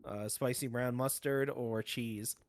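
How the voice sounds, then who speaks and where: A man being interviewed in a casual chat, answering hesitantly with pauses and small laughs. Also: mid-range voice, fairly even intonation, dry recording. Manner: hesitant, halting with ums and nervous laughs. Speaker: interview guest.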